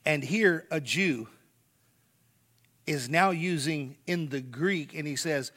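A man's voice: on the high side, slow, pauses often, fairly bright tone. A man preaching a sermon, emphatic, repeating key words and speaking straight to the congregation. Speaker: pastor.

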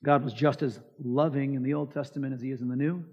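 A man's voice: medium pitch, steady tone, fast talker, darkish tone, husky. A man preaching a sermon, emphatic, asking the congregation rhetorical questions and acting out quoted lines. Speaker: pastor. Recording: dull lo-fi sound with long hall reverb.

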